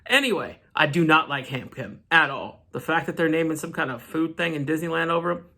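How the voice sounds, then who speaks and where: A man who runs a comic book channel recaps an issue, telling the story in a casual, animated way and veering off into side rants. His voice is fairly high-pitched and his pace is brisk.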